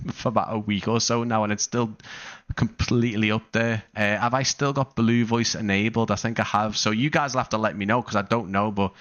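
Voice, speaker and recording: A man hosts a relaxed live stream from his home setup, talking into a wireless headset. His voice sits a little low, and he rambles through fillers and restarts. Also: a little fast, muffled recording. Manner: rambling, many fillers and restarts, laughs often. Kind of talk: casual live-stream chat. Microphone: wireless gaming headset.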